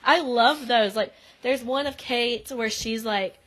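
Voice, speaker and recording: A woman's voice: a little high, takes it slowly, fairly bright tone. A young woman co-hosting a podcast, chatting casually and laughing often, with lots of "like" fillers. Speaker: podcast co-host. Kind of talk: casual recap chat.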